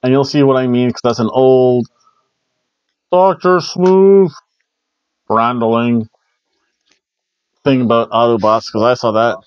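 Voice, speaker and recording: A man's voice: medium pitch, dry recording, dull audio. A man hosting a casual solo wrestling review, chatty and rambling, often stumbling and restarting his words. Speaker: wrestling show reviewer, host.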